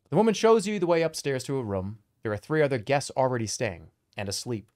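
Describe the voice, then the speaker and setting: Man streamer, lively reader, jokey asides, swooping animated pitch. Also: a little fast, few pauses. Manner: animated, joking, laughs between lines. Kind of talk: reading a gamebook aloud with jokey asides.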